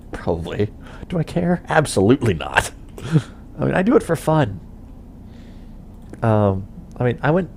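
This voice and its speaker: A man's voice: medium pitch, creaky, a little mellow, a little hiss or hum. A young man chatting casually while playing a game, rambling with chuckles and lots of fillers. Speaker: gaming channel host.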